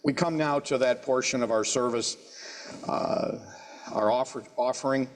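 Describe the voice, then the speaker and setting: Wry man leading a church service. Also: medium pitch. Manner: wry, joking asides with halting fillers. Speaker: service leader. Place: church sanctuary. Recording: long reverb of a church hall.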